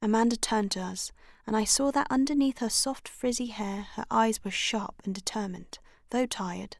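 A woman narrating a story, first-person audiobook reading with expressive delivery. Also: on the high side, normal speed, gravelly, dry recording, studio quality. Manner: expressive, voices each character. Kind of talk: scripted narration.

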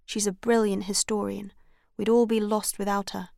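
A woman's voice: medium pitch, little pitch movement, normal speed, gravelly, darkish tone, dry recording, clean studio sound, close to an everyday voice. A woman voicing a breezy, teasing, dandyish young man in a storybook reading.

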